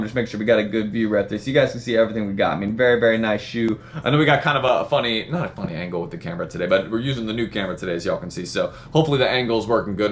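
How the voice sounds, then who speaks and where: Fast-talking Southern sneaker vlogger. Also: male voice, fairly low pitch, a little hiss or hum. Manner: rambling, upbeat, lots of fillers like "right?". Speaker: sneaker reviewer. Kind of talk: casual unboxing vlog.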